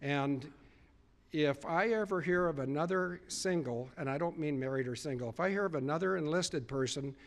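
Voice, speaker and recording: A man's voice: fairly high pitch, normal speed. A man speaking to a live audience, earnestly retelling conversations with emphatic repetition. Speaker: public speaker. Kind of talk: storytelling speech to a live audience.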